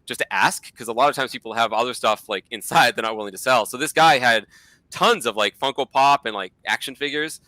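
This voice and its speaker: Boston guy rambling fast in a chill chat, super bright sharp voice. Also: mid-range voice, no echo. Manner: rambling, with many fillers. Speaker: guest collector. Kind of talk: casual chat.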